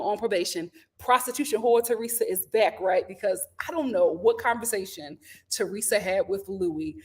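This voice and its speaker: A woman with a high voice dishes on reality TV in a casual recap. She is sassy and slangy, firing off blunt opinions like a regular host chatting with her viewers. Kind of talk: casual live recap chat.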